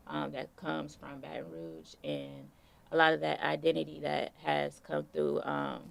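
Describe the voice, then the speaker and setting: A woman guest in a casual interview, telling relaxed stories full of fillers. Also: deep voice, vocal fry. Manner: relaxed storytelling with many fillers.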